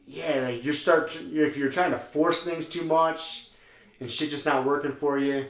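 A man's voice: fairly high pitch, fairly even intonation, moderate pace, reverberant. A man co-hosting a podcast in casual chat, joking, laughing often and swearing freely. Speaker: podcast co-host.

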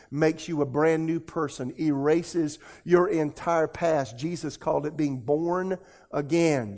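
A man's voice: a little high, darkish tone. A man, preaching a sermon as a pastor and pleading earnestly with his listeners in an emotional altar call.

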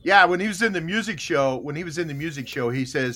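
Lively, bright-voiced older man hosting. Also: on the high side, fast. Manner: rambling, chuckling, repeats himself. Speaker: host. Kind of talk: casual morning-show chat.

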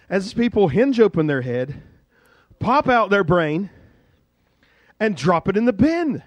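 A male pastor preaching a sermon in a lively, conversational storytelling way. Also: high-pitched, a little slow, pauses often, no room sound.

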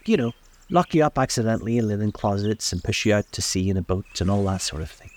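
A man's voice: lowish voice, expressive, fast talker, close to an everyday voice. A man voicing a brittle, airy young socialite woman in a theatrical, scornful way. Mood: teasing. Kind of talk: audiobook reading.

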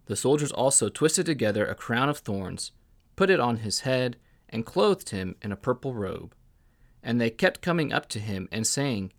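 A man reading scripture aloud in a steady, deliberate way. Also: mid-range voice. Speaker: scripture reader.

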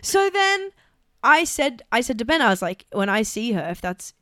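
Lively woman telling a story. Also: fairly high pitch, moderate pace, a little hiss or hum. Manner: animated storyteller, acts out quoted voices. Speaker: podcast co-host. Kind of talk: casual comedic chat.

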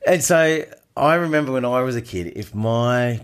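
A middle-aged man, co-hosting a casual chat and telling an animated story with frequent laughs. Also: medium pitch, normal speed, clear, resonant tone. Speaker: podcast co-host.

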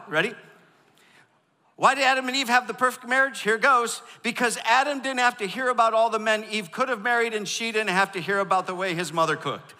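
Joking pastor with a bright voice in a big hall. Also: male voice, sits high, fairly quick. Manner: joking, calls for audience responses. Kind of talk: sermon. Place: large church auditorium.

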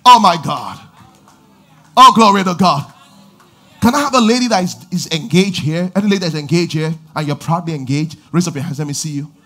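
A pastor delivers a lively sermon, his voice a little high and his pace quick. He shouts call-and-response lines and laughs between his stories.

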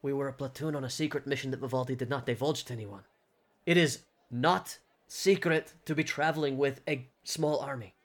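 A man playing a stern male inquisitor in a tabletop game, measured and dryly sarcastic. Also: mid-range voice, natural voice. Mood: commanding.

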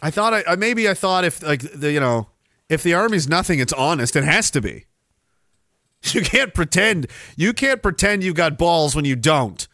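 A man's voice: on the high side, lively intonation, moderate pace, pushed and bright, no room sound, clean studio sound. A man, ranting sarcastically and profanely on his livestream, rambling from one complaint to the next. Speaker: livestream host.

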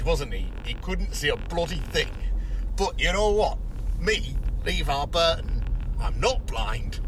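A man doing a comic impression of a crude, boozy Geordie man, rambling and swearing through a recorded voice message. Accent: put-on Geordie. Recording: noisy recording with car rumble.

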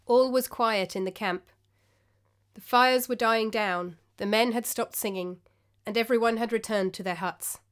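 Woman narrating a story calmly. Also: fairly high pitch, unhurried, smooth.

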